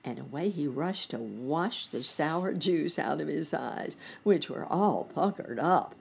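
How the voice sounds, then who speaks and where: A woman reading a bedtime story to children, with gentle chatty asides to the listener. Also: sits low, animated, unhurried, vocal fry, slight background noise.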